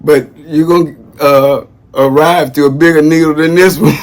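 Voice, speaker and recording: A man talking casually to his viewers in a lively, laughing vlog. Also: a little high, normal speed. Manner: animated, laughing, talks straight to viewers. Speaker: history vlogger giving shoutouts.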